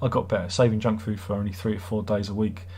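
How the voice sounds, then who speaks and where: A man's voice: lowish voice, fairly even intonation, quick pace, darkish tone, breathy edge. A middle-aged man hosts a livestream, chatting casually and reading viewer comments in a sarcastic, rambling way. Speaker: livestream host.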